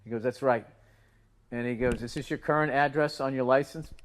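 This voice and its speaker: A man's voice: medium pitch, fairly even intonation, a little fast. Man, podcast co-host, casual storyteller, plays both sides of conversations. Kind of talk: casual chat.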